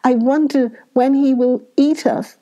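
A woman's voice: fairly even intonation, unhurried, muffled recording. A woman voicing an eager young girl with a raised, pleading voice. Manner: bright, pleading, higher voice.

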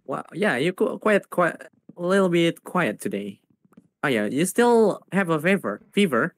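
A young man co-streaming a game, easygoing and quick to laugh. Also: on the high side, sing-song. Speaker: streamer, co-host. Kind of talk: casual gaming stream chat.

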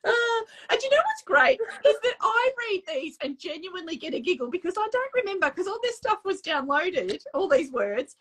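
A woman's voice: very high-pitched, sing-song, moderate pace, few pauses, a bit bright, rough recording. A woman with an Australian accent, a guest author chatting casually on a live stream, laughing often and swearing casually. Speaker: guest author, oracle card creator.

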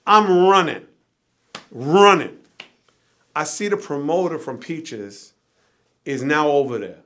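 A middle-aged man tells a vivid, profane anecdote, acting out each person's lines. His voice is bright, forceful and a touch higher than most men's. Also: lively intonation, takes it slowly. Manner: vivid anecdote with acted-out quotes and swearing. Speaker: interview guest. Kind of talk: animated storytelling.

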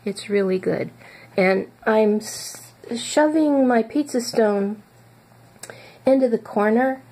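A woman's voice: a little high, slow, warm tone. A woman casually chatting about her home cooking, hesitant and trailing off now and then. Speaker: cooking vlogger.

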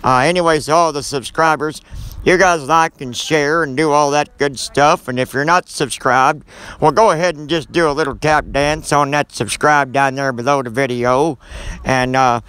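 Man playing cantankerous old man, gruff, folksy, bright tone, smooth clear voice. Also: fairly high pitch, fairly even intonation, moderate pace, voice pushed down, natural voice. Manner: gruff, folksy, mild cussing.

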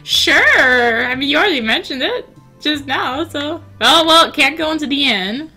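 A woman's voice: lively intonation, unhurried, bright, forceful tone, soft background music. A woman streaming a live game playthrough, reading the game text aloud with sarcastic comments. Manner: sarcastic, reads game text aloud, breaks into high squeals.

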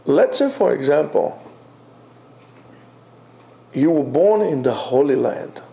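A man's voice: on the high side, expressive, slow pace, gravelly, warm tone. Emphatic man teaching a Torah class. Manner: emphatic, rhetorical questions, repeats phrases.

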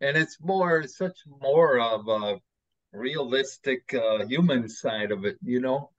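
A man's voice: medium pitch, takes it slowly, lo-fi sound. A man in the audience offering rambling, enthusiastic thanks during a Q&A. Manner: rambling, enthusiastic, many fillers. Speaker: audience member. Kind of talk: casual thanks in a Q&A.

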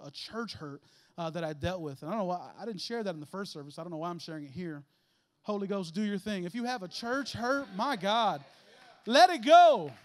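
A young man from Chicago preaching a sermon in a church, animated, with loud emphatic bursts and quick asides. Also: sits high. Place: church sanctuary.

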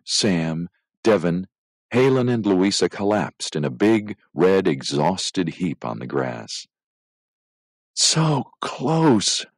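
A male teacher reading a children's story aloud to a class. His voice sits low but moves expressively up and down. The recording is dry and close. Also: a little mellow, no echo, low-quality recording.

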